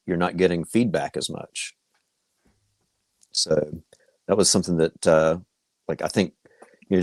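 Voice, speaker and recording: A man's voice: sits low, darkish tone, no room sound. A man, talking in an easygoing, rambling way in a podcast chat and chuckling often. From foothills of the Blue Ridge Mountains, US. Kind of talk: casual chat.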